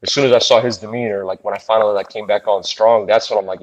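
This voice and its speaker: Fast-talking fighter, blunt and profane. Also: male voice, fairly low pitch, steady tone, lo-fi sound. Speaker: bare knuckle fighter being interviewed. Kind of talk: casual storytelling interview.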